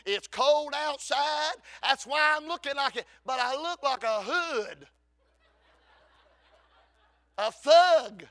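High, gravelly preacher man. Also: lively intonation, takes it slowly. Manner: fervent, shouting at times, calls of amen. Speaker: Baptist preacher. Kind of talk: sermon.

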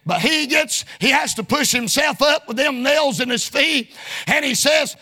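A male preacher delivering a sermon in a sing-song cadence, often shouting, with folksy colloquial phrasing. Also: very high voice, moderate pace, vocal fry.

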